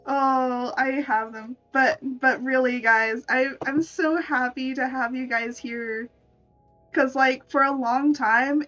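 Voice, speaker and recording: A woman artist chatting on a live stream, giggly and halting, with many restarts. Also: a little high, fairly bright tone, lo-fi sound. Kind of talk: live-stream chat while making art.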